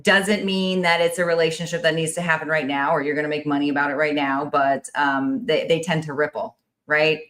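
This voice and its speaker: A woman's voice: sits low, steady tone, a little fast, a bit bright. A woman hosting a podcast, talking in a rambling, chatty way, full of "like" and "right?". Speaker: podcast host. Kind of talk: casual chat.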